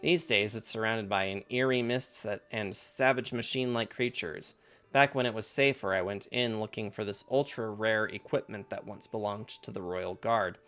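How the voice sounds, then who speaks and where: A man's voice: fairly low pitch, moderate pace, fairly bright tone, close to an everyday voice. A man reading as a chatty treasure collector. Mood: helpful. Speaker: streamer reading game dialogue.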